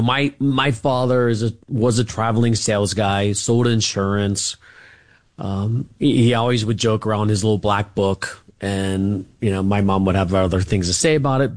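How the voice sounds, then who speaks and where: A man's voice: lowish voice, no room sound, studio quality. A man, a guest author, telling family stories in a casual interview, rambling with many fillers and restarts.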